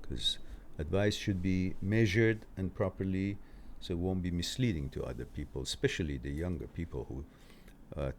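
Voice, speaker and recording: A man's voice: sits low, creaky, slight background noise. A man hosting a live stream, reading out viewers' chat comments and answering them in a loose, chatty way, laughing now and then. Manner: reads out chat comments and replies, laughs easily. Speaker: livestream host answering viewer questions.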